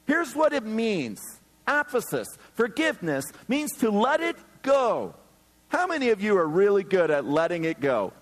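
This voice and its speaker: A man's voice: high-pitched, moderate pace, in a large hall. A man preaching a sermon as a pastor to a few hundred people, joking and acting out the people in his stories. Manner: animated, joking, acts out quoted people. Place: church hall before a few hundred people.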